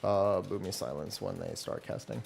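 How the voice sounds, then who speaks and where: A man chatting casually on a live game stream from a room at home, in a relaxed, rambling, self-deprecating way. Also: low voice, normal speed, gravelly, slightly rough. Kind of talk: casual live-stream chat while gaming.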